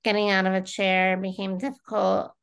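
A woman's voice: mid-range voice, flat delivery, moderate pace, creaky, clear, resonant tone. A woman in her thirties, a guest in a casual interview, telling her own story in a chatty way with frequent fillers.

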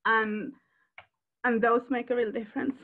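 Brief: older woman foster carer, halting and tearful, high voice, tinny phone-like call audio. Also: flat delivery. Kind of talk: sharing in a Q&A. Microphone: video call.

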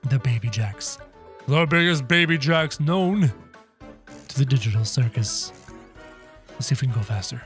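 A man doing excitable casual gameplay commentary, talking straight to his viewers. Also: mid-range voice, normal speed, pauses often, faint music behind. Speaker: gaming YouTuber.

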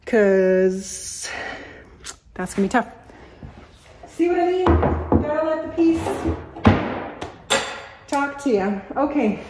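A woman's voice: sits high, very animated, takes it slowly, pauses often. A woman repairing furniture in her workshop, thinking aloud in a practical way as she works and a little out of breath. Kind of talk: casual workshop commentary. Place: woodworking shop. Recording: echoey shop with loud background noise.

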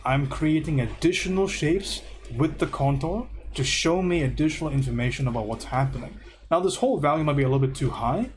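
A medium-pitched man leads a live painting lesson in a casual, joking manner, frequently checking in with "right?". There's slight background noise behind the art instructor.

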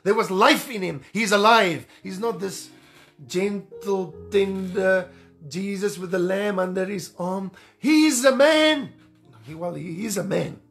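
High-voiced fervent male preacher. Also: a little slow, vocal fry, faint music behind. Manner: fervent, animated preaching with repeated phrases. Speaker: evangelist preacher. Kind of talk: sermon.

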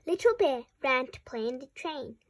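Give me a high, husky woman reading aloud. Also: big pitch swings, moderate pace. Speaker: storybook reader. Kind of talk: reading a picture book aloud.

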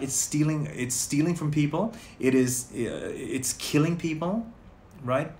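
A man leading a sermon and guided prayer, speaking in emphatic, repetitive phrases. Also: mid-range voice. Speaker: prayer leader. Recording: roomy echo, faint noise.

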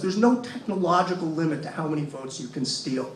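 A man speaking at a panel, emphatic and fond of rhetorical questions, with a voice pitched a little high. He is picked up from some distance in a reverberant room with a faint hiss behind him. The delivery is insistent and repetitive. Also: expressive, a little fast. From Massachusetts, US. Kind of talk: impassioned panel talk. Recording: echoey room, mic from far off.

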